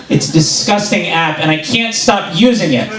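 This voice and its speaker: A man with a fairly high voice does stand-up, telling his stories briskly and acting out the quotes. The sound is roomy and a little distant from the mic. A crowd laughs in the room around him. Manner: animated storytelling, acts out quotes. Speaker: stand-up comedian. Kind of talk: stand-up comedy set. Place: club stage before a laughing audience. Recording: roomy live club recording, mic at a distance.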